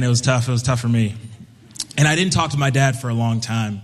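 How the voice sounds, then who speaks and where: A young man from Brooklyn telling a personal story on stage in a relaxed, conversational way, slipping into higher, livelier voices for the people he quotes. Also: brisk, a little hiss or hum. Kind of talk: live storytelling performance. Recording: long reverb of a hall.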